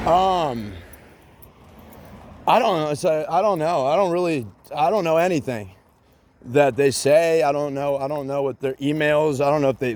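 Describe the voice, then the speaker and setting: A man's voice: fairly high pitch, darkish tone. A man in a rambling solo rant, agitated and profane, repeating himself with many fillers and bits of sarcasm.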